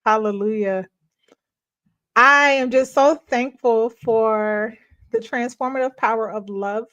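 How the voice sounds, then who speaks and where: Hosting a ministry live stream, a middle-aged woman with a fairly high voice shares a personal story at a slow pace. Her talk is casual and lively, often dissolving into laughter, though the audio sounds dull.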